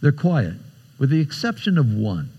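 A man preaching a sermon, retelling a scripture story dramatically with big swings in pitch and loudness. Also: very animated, moderate pace, breathy edge, long reverb tail, highs cut off.

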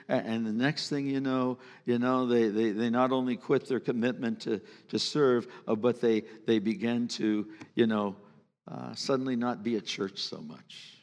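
Man, pastor, sermon, conversational, drops to a hush, reverberant church. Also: medium pitch, steady tone, normal speed. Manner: earnest, conversational preaching with sudden drops to a hush. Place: church sanctuary. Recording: long reverb of a church hall.

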